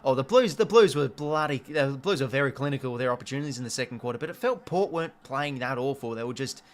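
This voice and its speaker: Excitable Australian man calling footy live. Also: mid-range voice, fast. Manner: excitable, swears casually, self-mocking. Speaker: watch-along host. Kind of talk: casual live match commentary.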